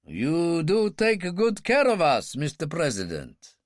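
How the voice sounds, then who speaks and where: A man's voice: a little high, huge pitch swings, slow pace, no echo, voice pushed up, full character voice. A male narrator voicing a dry, wry older king. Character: dry-witted older Middle Eastern king.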